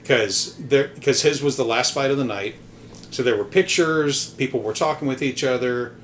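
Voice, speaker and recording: Hesitant and rambling, a podcast host tells an offhand story packed with ums, restarts and the occasional casual curse. His voice is medium-pitched and fairly bright at normal speed, with a bit of hiss or hum behind it.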